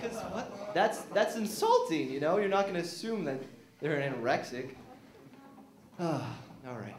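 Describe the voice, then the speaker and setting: A young man doing a stand-up set that rambles and trips over its own fillers. His voice sits fairly high and swings around a lot. It echoes through a small theater room. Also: very animated, normal speed, crowd noise. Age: young adult. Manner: rambling, self-deprecating, many fillers and restarts. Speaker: stand-up comedian. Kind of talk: stand-up routine.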